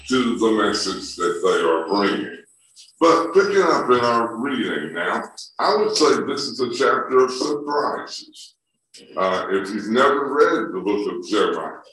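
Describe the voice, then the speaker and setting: A man delivers a sermon at an unhurried, deliberate pace, with a mid-range voice. He reads scripture and stresses repeated phrases. The recording catches him from a distance in a strongly echoing room. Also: mid-range voice, a bit bright. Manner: measured, deliberate reading with emphatic repetition. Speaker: preacher. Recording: echoey room from far off.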